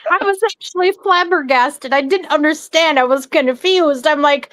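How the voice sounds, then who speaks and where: Woman, high voice, animated, incredulous, dry close sound. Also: no echo, low-quality recording. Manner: animated, incredulous, quick asides. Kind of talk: casual chat.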